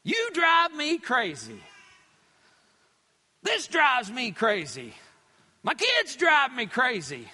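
A man's voice: extremely high pitch, huge pitch swings, slow pace, pauses often, sharp tone. A male pastor preaching a sermon, hammering home words by repeating them, with frequent fillers. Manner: preachy, repetitive emphasis with many fillers. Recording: long hall reverb.

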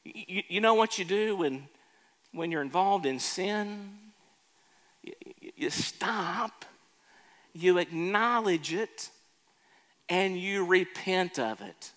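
A pastor preaching a sermon, emphatic, slowing and lifting his voice on key words. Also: sits high, lively intonation, a bit bright. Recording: hall reverb.

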